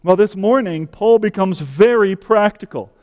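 Male preacher, higher pitch, measured rhetorical delivery, reverberant church hall. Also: a little mellow. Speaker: pastor. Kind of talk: sermon.

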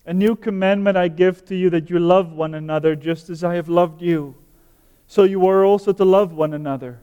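A tender, comforting male teacher speaks sweetly to his followers, as a preacher gives him voice. The voice is smooth, mellow and a little raised, and it rings with the long reverb of a large hall. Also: sits high, steady tone, normal speed, dull audio, natural voice. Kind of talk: sermon scripture reading.

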